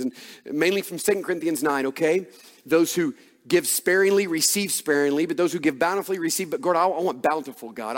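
Earnest preaching man in a reverberant hall. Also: a little high. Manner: earnest, personal and repetitive preaching. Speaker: pastor. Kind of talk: sermon.

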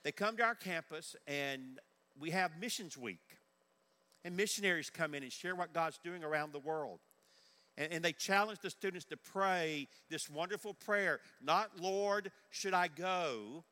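A frustrated campus pastor pours out his complaints, his voice pitched up and pushed louder, as an older preacher acts him out. He stacks up lists and repeated phrases in exasperation. A long reverb fills the large hall behind him. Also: a little slow. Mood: earnest.

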